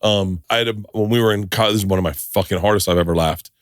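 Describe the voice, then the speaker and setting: Middle-aged man, animated profane storyteller. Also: lowish voice, fast, clean tone, no room sound, studio quality. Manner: animated storyteller, swears freely, restarts sentences. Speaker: podcast host. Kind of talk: casual chat.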